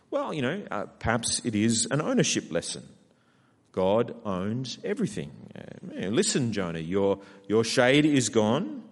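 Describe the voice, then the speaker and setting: A man with an Australian accent preaching a sermon, acting out a sulky character's complaints in a lively way. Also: medium pitch. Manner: animated, acts out Jonah's whiny complaints. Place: church hall. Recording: long hall reverb.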